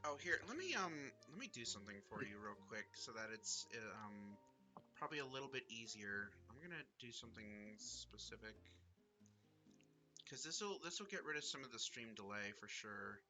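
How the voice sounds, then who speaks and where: A man streaming a game live, chatting casually in an excitable, rambling way, with frequent swearing and fillers. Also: fairly low pitch, moderate pace, faint music behind.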